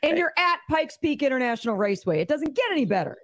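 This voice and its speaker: A woman's voice: high voice, big pitch swings, quick pace, no room sound, clean studio sound. A woman co-host in casual radio talk, playful and teasing.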